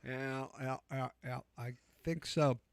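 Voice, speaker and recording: A man's voice: medium pitch, steady tone, slow, smooth, no room sound, studio quality. A man hosting a livestreamed talk show in casual chat. He rambles, interrupts himself, laughs easily and swears.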